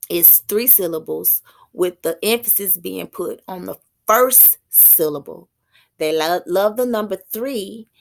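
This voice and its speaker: A woman teaching poetic meter in an informal spiritual talk, thinking aloud, slowing down to read terms and stumbling over unfamiliar words. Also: fairly low pitch, gravelly.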